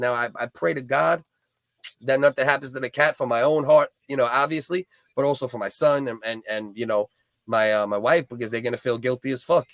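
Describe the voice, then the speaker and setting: A man's voice: mid-range voice, steady tone, a little fast, fairly bright tone, dry recording, studio quality. A man, hosting a casual livestream and telling rambling, profane, heated stories. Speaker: livestream host.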